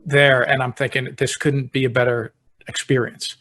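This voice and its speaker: A middle-aged man in a middle register hosts a podcast for fire-service listeners. He tells a personal anecdote step by step in a relaxed, chatty manner. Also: medium pitch, normal speed. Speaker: podcast host, deputy fire chief. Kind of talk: conversational storytelling.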